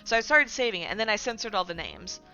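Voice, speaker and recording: Chatty woman streamer, bright tone. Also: medium pitch, quick pace, dull audio, soft background music. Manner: rambling, self-correcting, lots of fillers like "like" and "right"; animated and indignant when recounting drama. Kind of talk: casual livestream chat about community news.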